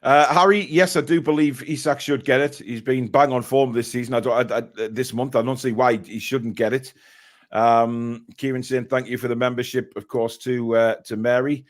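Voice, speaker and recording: A man's voice: medium pitch, fairly even intonation, moderate pace. Chatty man hosting a live stream. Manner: reads out viewer messages, chatty and blunt. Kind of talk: casual live stream chat.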